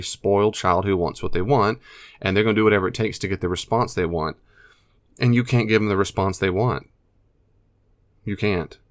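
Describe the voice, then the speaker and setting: American guy giving advice, earnest and emphatic, low voice, dry sound. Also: a bit bright, dry recording. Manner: earnest, emphatic, repeats key phrases. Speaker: advice speaker on addiction and family. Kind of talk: direct-to-camera advice talk.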